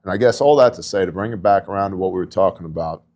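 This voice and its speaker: His deep, slightly mellow voice races along as this middle-aged podcast host describes his disaster relief work. It's a casual faith talk, delivered earnestly and conversationally, full of asides.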